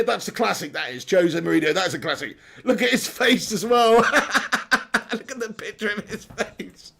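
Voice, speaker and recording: A man's voice: sits high, expressive, unhurried, creaky, a bit bright. A man with a sore throat hosting a live football watch-along, reading out and bantering with viewer messages with frequent laughs. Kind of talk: live stream chat reading.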